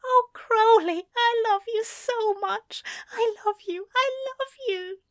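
A woman's voice: very high-pitched, takes it slowly, no echo, clean studio sound, pitched above the performer's own voice. A woman voicing a tender, weepy male angel who gushes breathlessly, in a fan fiction reading. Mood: gushing, tearful. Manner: breathless, gushing, tearful. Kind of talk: fan fiction read aloud.

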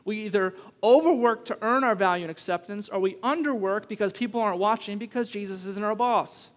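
A man's voice: high-pitched, brisk. A man preaching a sermon as pastor, emphatic and conversational, with bursts of humor and rising intensity. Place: church sanctuary. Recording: long reverb from a large hall.

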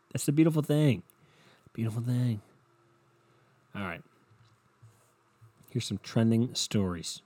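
A man's voice: mid-range voice, animated, takes it slowly, long pauses, dark tone, husky, no room sound. A young man hosting a solo podcast, rambling in a profane, sarcastic, offhand way. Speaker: podcast host. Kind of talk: casual solo podcast rant.

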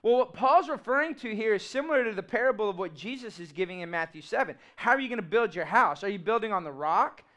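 A man, preaching a sermon in an animated, humorous and emphatic way. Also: sits high, quick pace, hardly any pauses. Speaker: pastor.

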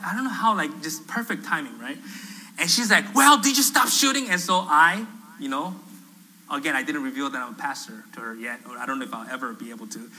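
Animated, bright-voiced male pastor. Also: mid-range voice, rough recording. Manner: animated, acts out quoted voices, self-deprecating humor. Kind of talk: storytelling sermon. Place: church sanctuary.

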